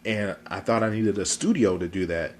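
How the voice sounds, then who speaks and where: A vlog host with a lowish voice chats casually and goofily on his own video talk show, rambling with lots of fillers through a stuffy, congested throat. He speaks at normal speed, and the phone recording carries slight background noise.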